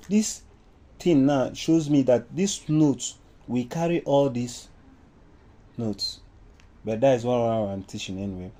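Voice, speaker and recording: A man with a Nigerian English accent walks through a music lesson step by step, now and then singing solfa syllables. His voice is very dark and mellow, and he speaks slowly. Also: medium pitch. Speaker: music teacher. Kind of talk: informal music lesson with sung examples.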